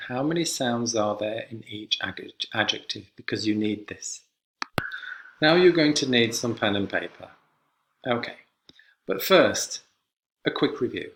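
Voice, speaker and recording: A man teaching a basic English grammar lesson, speaking slowly and clearly and repeating examples for learners. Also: mid-range voice. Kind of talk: classroom lesson.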